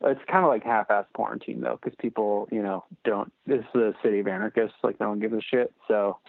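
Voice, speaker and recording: A man guesting on a podcast, talking in a relaxed, rambling way with casual swearing. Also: on the low side, brisk, vocal fry, no room sound. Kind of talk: casual interview chat. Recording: tinny phone-like line.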